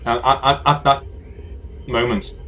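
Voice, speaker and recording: A man narrating a tabletop role-playing game as game master, halting and full of fillers. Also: mid-range voice, level tone, a bit bright.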